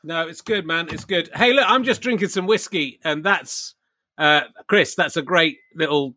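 A man's voice: fairly high pitch, moderate pace, sharp tone, no room sound, studio quality. A man hosting a comedy podcast, chatting with a guest in a jokey way and laughing easily. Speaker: podcast host. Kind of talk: casual comedy interview chat.

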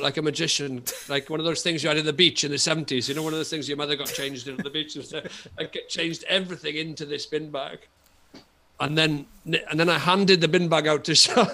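A middle-aged Welsh man in an animated comic storytelling mode. His voice is bright and sits a little high for a man. He piles up phrases and circles back on himself as he tells the story. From Wales. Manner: animated, repetitive storytelling with frequent laughter. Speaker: guest comedian. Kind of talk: comic anecdote on a podcast.

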